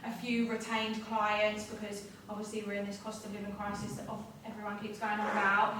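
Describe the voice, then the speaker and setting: A woman's voice: mid-range voice, little pitch movement, moderate pace, few pauses, noisy background. A woman who runs a marketing agency speaking candidly and encouragingly to an audience. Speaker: business owner speaking at an event. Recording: echoey room, speaker far from the mic.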